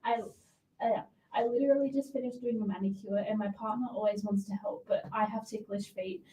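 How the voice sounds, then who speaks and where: Woman caller, halting, flat dark voice, sounds far off in an echoey space. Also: medium pitch, a little hiss or hum. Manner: hesitant, halting. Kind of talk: casual question to host. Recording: echoey and distant.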